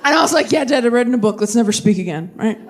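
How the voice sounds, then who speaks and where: Quick self-mocking woman comic, high voice. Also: expressive, a faint crowd. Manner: quick, self-deprecating, laughs at own tangents. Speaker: stand-up comedian. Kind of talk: stand-up set with crowd work. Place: theater stage with live audience.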